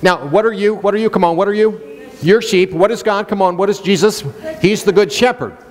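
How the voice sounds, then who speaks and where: A man's voice: sits high, a little fast, big-room sound. A male pastor preaching a sermon, questioning the congregation and joking with them. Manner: playful, jokes and laughs.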